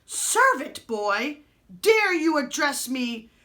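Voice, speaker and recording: A woman voicing a haughty, spoiled young prince who speaks high, shrill and indignant. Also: big pitch swings, takes it slowly, fairly bright tone, full character voice.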